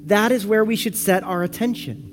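A man preaching a sermon as pastor, earnest, moving between soft slow passages and lively, louder ones. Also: high-pitched, soft background music. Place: church sanctuary.

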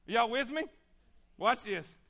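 A man's voice: extremely high pitch, animated, takes it slowly, gravelly, pushed and bright. A man preaching a sermon as pastor, repeating his phrases and calling on the congregation to answer back.

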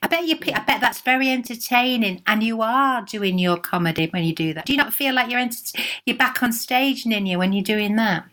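A woman's voice: fairly high pitch, animated, fairly quick, hardly any pauses, fairly bright tone. A woman hosting a casual interview, encouraging her guest and laughing often. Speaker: interviewer host.

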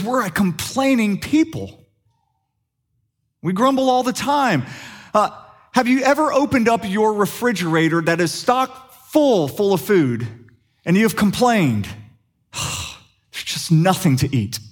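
A man's voice: high voice, very animated, a little slow. A man preaching a sermon as pastor, conversational and humorous, asking the congregation questions.

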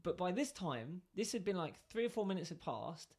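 A man's voice: high voice, normal speed, husky. A man telling a workplace story in casual chat, acting out both sides of the conversation. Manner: animated, acts out both sides of dialogue.

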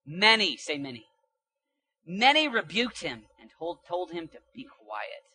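An animated young male preacher delivers a sermon with a bright, forceful edge to his voice. He reads scripture aloud and breaks into casual slang between verses. His delivery swings from quiet asides to loud, emphatic lines. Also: sits high, measured pace, breathy edge. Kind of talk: sermon with Bible reading.

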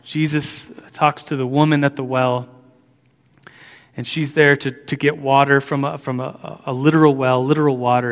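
A man preaching a sermon as a pastor, earnest and halting, often restarting his sentences. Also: mid-range voice, a bit bright, in a large hall.

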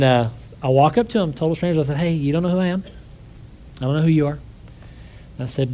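The audio is poor, with a little hiss or hum, as a man with a dark, medium-pitched voice preaches. He shares a personal story conversationally, performs the quoted voices, and finishes in prayer.

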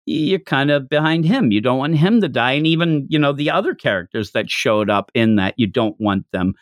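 Animated, lively man reviewing comics. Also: medium pitch, normal speed, dry recording, studio quality. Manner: excitable, jumps into quoted voices. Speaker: podcast host reviewing manga. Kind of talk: casual review chat.

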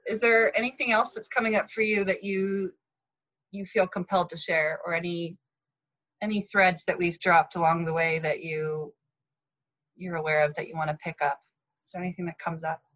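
A woman hosting a podcast, telling stories in an animated, laughing way over a video call. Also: on the low side, normal speed, dry recording, lo-fi sound. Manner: animated storyteller, laughs often. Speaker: podcast host. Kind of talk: casual heartfelt conversation.

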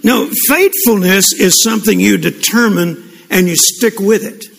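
A man's voice: high voice, a little slow, creaky, a little hiss or hum. An older man preaching a sermon to a congregation, telling folksy stories with frequent restarts. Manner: folksy storytelling with repeated restarts. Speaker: pastor. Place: church. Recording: echoey hall with congregation responses.

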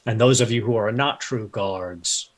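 A man's voice: on the low side, measured pace, close to an everyday voice. A man voicing a stern male knight-priest who speaks formally and commandingly. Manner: formal, declamatory speech.

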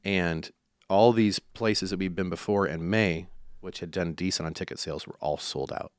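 A man's voice: low-pitched, fairly even intonation, normal speed, no room sound, studio quality. A young man from Iowa, a country musician, telling stories in a casual interview, rambling with fillers and restarts. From Iowa, USA.

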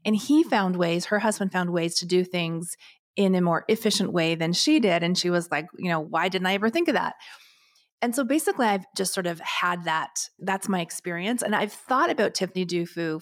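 A woman's voice: lowish voice, expressive, moderate pace. A middle-aged woman co-hosting a podcast, speaking frankly and emotionally, close to tears. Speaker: podcast co-host. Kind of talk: casual podcast chat.

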